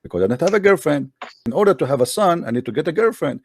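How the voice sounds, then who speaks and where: Male host, heated debater, insistent, broken English, a bit high-pitched. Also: lively intonation, fast, gravelly, slightly rough, no room sound, clean studio sound.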